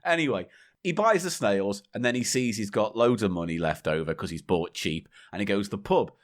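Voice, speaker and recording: A man's voice: on the low side, expressive, a little fast. A man co-hosting a casual podcast, joking around and telling a long joke. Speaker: co-host.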